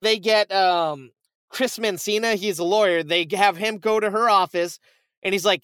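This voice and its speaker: A man with a high, bright voice tells a film plot in loose, casual chat. He slips in characters' quoted lines as he goes and swears freely. The sound is dry and close, with no room around it. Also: clean tone, no echo. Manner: animated storytelling, swearing, quick quoted asides. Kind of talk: casual movie recap.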